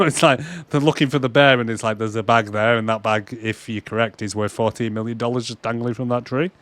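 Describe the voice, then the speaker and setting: A man chats casually on a podcast, retelling scenes and dropping into quick quoted voices. His voice sits at a middle pitch. The sound is dry and close. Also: steady tone, a bit bright, no echo. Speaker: podcast co-host. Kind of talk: casual chat.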